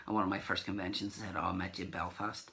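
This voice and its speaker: Low, gravelly man telling convention stories. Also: flat delivery, racing, bright, forceful tone. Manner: rambling, acts out remembered dialogue. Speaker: collector vlogger. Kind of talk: casual anecdotal recap.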